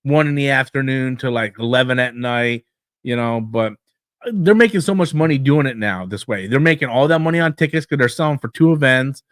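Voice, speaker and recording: A man co-hosting a casual wrestling podcast, blunt and profane, who mocks promoters in quick put-on voices. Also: medium pitch, no room sound. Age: older than co-host, calls himself old school. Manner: blunt, swears freely, mocks in put-on quotes. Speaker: podcast co-host.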